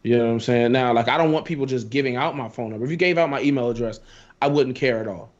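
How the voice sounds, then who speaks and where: A man's voice: medium pitch, fast. Male podcast host, blunt and emphatic, swears freely, slightly dull lo-fi sound. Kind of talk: casual chat. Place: at home.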